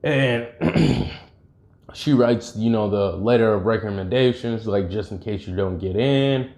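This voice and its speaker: A man's voice: lowish voice, a little slow, darkish tone. A man casually retelling an invented fan story, rambling with many fillers and restarts.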